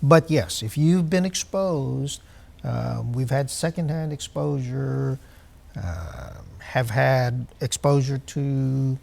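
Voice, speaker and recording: A man in his sixties, a doctor answering health questions on a TV call-in, slow and measured with many hesitant fillers. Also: medium pitch, animated, vocal fry, darkish tone.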